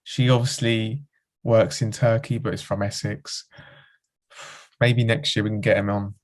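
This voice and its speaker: A man's voice: on the low side, level tone, measured pace. A man co-hosting a podcast, chatting casually with enthusiasm and frequent giggles. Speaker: podcast co-host. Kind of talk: casual chat.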